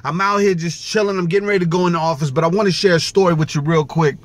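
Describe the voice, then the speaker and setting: Man with a high voice, casual vlog storyteller, animated and chatty. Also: racing. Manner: casual, animated, repeats "right?".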